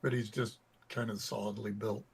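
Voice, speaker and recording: A man with a husky voice plays a tabletop game, dry and wry, grumbling in a deadpan way. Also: lowish voice, normal speed. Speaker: player. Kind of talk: casual tabletop play.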